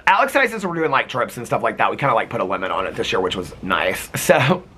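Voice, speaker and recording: A man's voice: on the low side, sing-song, fast, sharp tone, husky. A man vlogging casually to camera, telling a chatty, gossipy story full of "like" and quoted dialogue.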